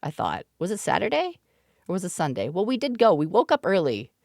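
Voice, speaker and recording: Giggly, swearing woman streamer, lively pitch. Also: brisk, vocal fry, no room sound, studio quality. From Canada. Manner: giggly, profane, animated storyteller. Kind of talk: casual storytelling to stream chat.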